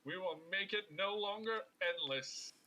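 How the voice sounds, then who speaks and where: A man's voice: high-pitched, measured pace, sharp tone, pitched above the performer's own voice, low-quality recording. A man voicing a pompous, self-important nobleman adventurer in a tabletop game. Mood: grandiose.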